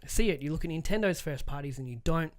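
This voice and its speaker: A man's voice: fairly high pitch, lively intonation, fast talker. A man in his thirties co-hosting a casual gaming podcast, swearing freely as he runs through the news. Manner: swears freely, reads news lists aloud. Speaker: podcast co-host.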